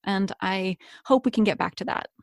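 A woman's voice: mid-range voice, normal speed, creaky, no echo, studio quality. A woman chatting casually as a podcast guest, laughing often. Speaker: guest, accent impressionist.

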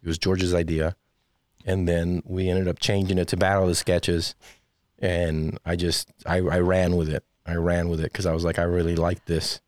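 A very deep-voiced man in a casual interview, spinning animated stories and acting out every character he quotes. The sound is dry and close, with no room around it. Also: moderate pace, no echo. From Texas. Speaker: stand-up comedian.

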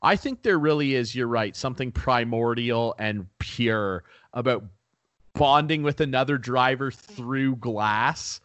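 A man's voice: mid-range voice, unhurried, fairly bright tone, no room sound, lo-fi sound. A man from Canada telling a driving story in casual chat, ranting and swearing freely.

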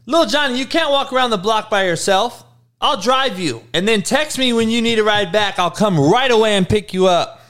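A man imitating an overly patient modern parent who coddles a child in a gentle sing-song way. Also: high voice, animated, fairly quick, pitched above the performer's own voice. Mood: doting.

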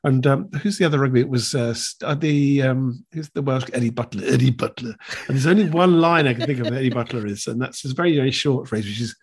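An older man, chatting as a guest in a rambling, animated way. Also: medium pitch, fast, hardly any pauses, slightly rough. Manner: rambling, animated, slips into voices. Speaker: guest impressionist. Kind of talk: casual interview chat.

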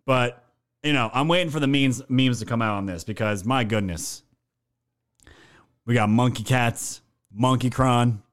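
A man's voice: mid-range voice, unhurried, long pauses. A man hosting a casual live stream, reacting to news with crude, mocking jokes and frequent laughter. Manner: profane, mocking, laughs often. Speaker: livestream host.

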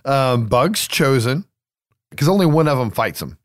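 A man's voice: medium pitch, sing-song, measured pace, dry recording. Man, casual movie recap, swears, laughs often, dry close sound. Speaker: podcast co-host.

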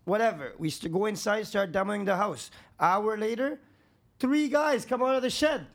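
A man with a high voice tells his stories as a podcast guest. His talk is casual, rambling and full of swearing. He drops low for asides and climbs high when a story gets exciting. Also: moderate pace. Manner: profane, animated, rambling anecdotes; swings between low asides and raised excitement.

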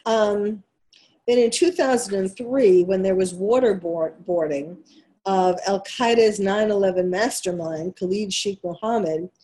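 A woman's voice: medium pitch, mellow. A woman with a New York accent hosting a talk radio show, delivering an emphatic monologue full of rhetorical questions.

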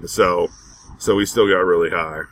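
A man's voice: low voice, fairly even intonation, moderate pace, a bit bright, slight background noise, low-quality recording. A man co-hosting a casual chat, laid-back and chatty, filling his talk with "like". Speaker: podcast co-host.

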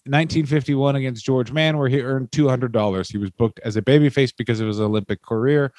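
A man from Canada trades jokes as a podcast co-host, swearing freely and slipping into mock voices for people in his stories. His voice sits at an ordinary middle pitch. The recording is dry and close, with no room sound. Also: darkish tone, no room sound. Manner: riffing, profane, mock-acts quoted people. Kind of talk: casual comedic chat.

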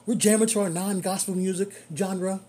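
Mellow, husky storyteller, a rideshare driver in a casual monologue, animated and prone to repeating phrases. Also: mid-range voice, normal speed.

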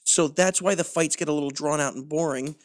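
A man's voice: on the high side, brisk. A man co-hosting a casual podcast chat, rowdy and swearing, hyped up on an energy drink and alcohol, acting out scenes in goofy voices. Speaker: podcast co-host.

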